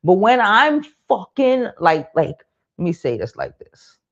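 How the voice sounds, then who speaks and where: A woman's voice: mid-range voice, big pitch swings, unhurried. A woman in her thirties hosting a live stream, venting bluntly in casual, profane talk. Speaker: livestream host. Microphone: streaming mic. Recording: dull lo-fi stream audio.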